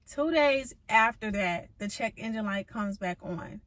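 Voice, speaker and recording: A woman's voice: mid-range voice, lively intonation, unhurried, a bit bright, no room sound, low-quality recording. A young woman telling a car-trouble story in a vlog, venting with profanity and emphatic rhetorical asides. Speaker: vlogger.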